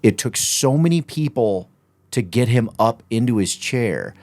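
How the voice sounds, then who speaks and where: A man's voice: mid-range voice, lively intonation, a little slow, darkish tone. A man hosting a podcast, retelling events emphatically in casual chat. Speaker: podcast host.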